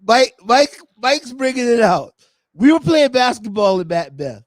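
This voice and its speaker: A man hosting a podcast in casual chat, telling funny stories with animated energy and acting out quotes. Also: very high-pitched, a little slow, no echo. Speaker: podcast host.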